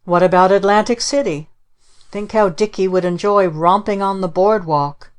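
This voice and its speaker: A woman reading the part of a teasing, blustery gentleman uncle in a storybook, asking sharp mocking questions. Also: medium pitch, normal speed, voice pushed up, natural voice.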